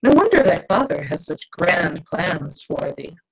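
A woman's voice: fairly low pitch, big pitch swings, measured pace, creaky, exaggerated voice. A woman author voicing a sly, coaxing male spirit who speaks in archaic, theatrical phrasing while reading her book aloud. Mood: wheedling. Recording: dull lo-fi video call audio.

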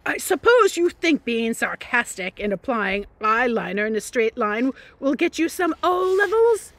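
A woman reading aloud, voicing an exasperated father who scolds loudly. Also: on the high side, sing-song, measured pace, dry recording. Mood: ranting. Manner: loud, scolding. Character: exasperated ranting middle-aged dad.

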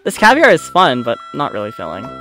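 A man's voice: medium pitch, wildly swooping pitch, brisk, pushed and bright, soft background music. A man voicing an easygoing young man on a date, casual and teasing.

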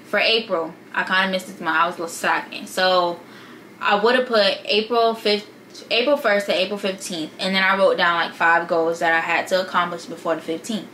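A woman's voice: mid-range voice, sharp tone, slight background noise, low-quality recording. A young woman vlogger giving casual, sassy advice straight to her viewers in slangy talk.

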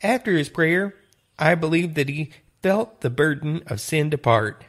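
A man teaching a Bible lesson, retelling stories in a deliberate, earnest way. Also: a little high, lively intonation, fairly bright tone. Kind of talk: sermon storytelling.

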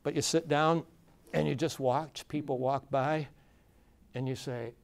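A man of average pitch leads a conference workshop in a loose, conversational way. He asks the room questions and often stops and restarts his sentences, with frequent fillers. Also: fairly even intonation, measured pace, gravelly. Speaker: workshop facilitator. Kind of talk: conversational lecture to a live audience.

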